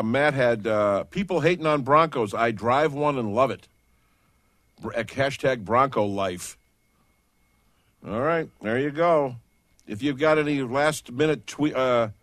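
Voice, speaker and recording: A man runs a late-night sports radio show, full of loose banter and quick interruptions. His voice sits at an ordinary middle pitch. The studio sound is dry and close. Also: dry recording. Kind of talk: casual sports radio talk. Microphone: studio microphone.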